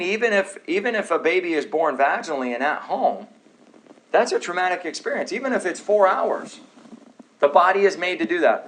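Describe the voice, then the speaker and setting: Male teacher, thirties, slightly high voice, live lecture style with wisecracks aimed at the audience; faint background noise. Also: fairly bright tone, rough recording. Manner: joking, sarcastic asides to the audience. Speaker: chiropractor teaching a health class. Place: office classroom.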